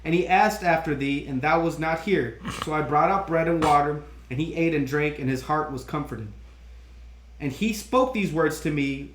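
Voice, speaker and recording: A man reading old scripture aloud in a steady, measured way. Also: a little high. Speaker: scripture reader. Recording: echoey room.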